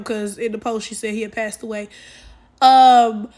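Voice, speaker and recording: A woman ranting in a casual commentary video, exasperated and animated, using lots of slang and talking straight to her viewers. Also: a little high, moderate pace. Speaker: commentary YouTuber.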